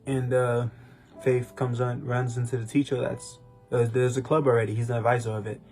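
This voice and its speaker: A man's voice: medium pitch, flat delivery, brisk, darkish tone, soft background music. A young man co-hosting a podcast, telling his personal testimony in a rambling, casual way with many restarts. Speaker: podcast co-host.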